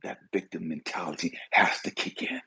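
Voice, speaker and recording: A man giving an impassioned spiritual talk, swinging between hushed whispers and shouted pleas. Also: deep voice, wildly swooping pitch, normal speed, vocal fry, husky. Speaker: spiritual speaker. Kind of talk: impassioned motivational preaching.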